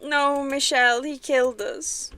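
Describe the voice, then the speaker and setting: A woman's voice: high voice, fairly even intonation, measured pace, sharp tone. A young woman casually chatting on a game livestream, self-deprecating and laughing often. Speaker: game streamer.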